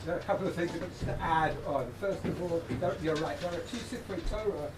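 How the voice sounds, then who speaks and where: A man making halting, polite remarks to a synagogue gathering, stumbling and restarting as he adds points. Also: on the high side. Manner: hesitant, many fillers and restarts, polite. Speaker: synagogue member and Torah scribe. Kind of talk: casual remarks to a congregation. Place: synagogue hall. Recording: echoey hall from far off with noise.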